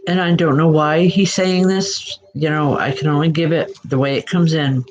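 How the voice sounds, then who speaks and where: A woman working as a spiritual medium, giving live online readings in a gentle, halting way and addressing viewers by name. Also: sits low, steady tone. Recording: muffled lo-fi audio with music behind.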